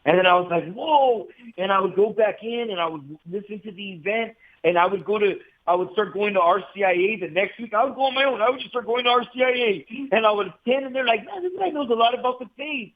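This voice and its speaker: A man telling his conversion story in a casual podcast conversation, emphatic and animated, with slang like "bro" and "brother". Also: high voice, fast, few pauses. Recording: tinny phone-like audio.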